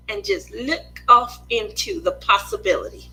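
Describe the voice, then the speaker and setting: Bubbly high-voiced woman chatting on a craft stream. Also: lively intonation, slow pace, few pauses, sharp tone, low-quality recording. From Las Vegas, USA. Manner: chatty, greets viewers by name, sing-song and playful. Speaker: craft livestream host. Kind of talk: casual livestream chat while painting.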